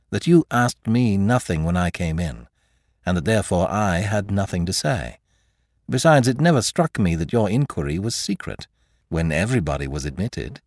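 A man's voice: on the low side, no echo, studio quality. Man voicing a politely clever schoolboy sleuth. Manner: soft, infinitely polite, gently teasing.

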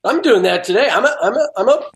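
A man talking as a guest in a casual chat, an animated storyteller who laughs easily. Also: high voice, quick pace. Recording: roomy echo.

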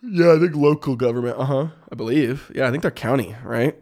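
A man's voice: medium pitch, brisk, a little mellow. A man co-hosting a podcast in casual chat, rambling and enthusiastic with lots of fillers and restarts. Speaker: podcast co-host.

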